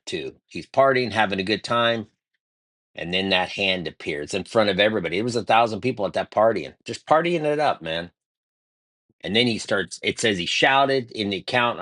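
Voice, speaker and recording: A man's voice: low voice, moderate pace, fairly bright tone, no echo. A man preaching in a casual devotional style, retelling a scripture story in slangy, conversational words with emphatic repetition.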